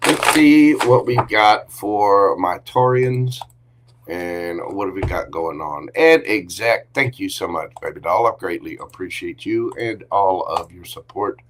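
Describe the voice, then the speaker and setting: A man's voice: sits low, animated, a little slow, a little hiss or hum. A man hosting a casual livestream tarot reading, chatty and affectionate, greeting viewers with pet names. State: briefly coughing and choked up.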